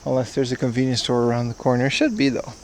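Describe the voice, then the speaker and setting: A man's voice: medium pitch, little pitch movement, fast talker, slight background noise. A young man hosting a livestream, chatting casually and jokingly with viewers while walking outdoors through town streets. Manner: joking, wry, rambling. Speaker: livestream host. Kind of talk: casual chat with stream viewers.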